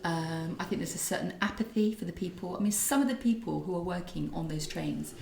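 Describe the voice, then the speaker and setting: A chatty middle-aged woman tells stories around a kitchen table in a relaxed podcast chat. Her voice carries a gravelly fry, and the room around her is noticeably echoey. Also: lowish voice, brisk. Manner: chatty, animated storyteller. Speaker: podcast co-host. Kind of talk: casual chat.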